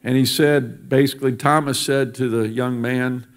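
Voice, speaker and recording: Standing in a church sanctuary, a politician gives an emphatic speech to the congregation, using repetition to build his argument. He has a mid-range voice with a steady tone and normal speed.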